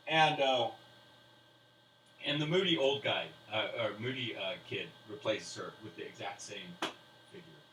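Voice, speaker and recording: Male game master, chatty and rambling, deeper voice, recorded off-mic with faint hiss. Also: unhurried, fairly bright tone, roomy sound, far from the mic, low-quality recording. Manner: rambling, full of fillers and restarts. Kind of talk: narrating a tabletop game.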